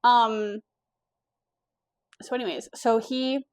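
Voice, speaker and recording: A young woman from the US East Coast telling a personal story in a casual vlog, candid and animated, swearing now and then. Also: fairly high pitch, slow. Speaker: vlogger.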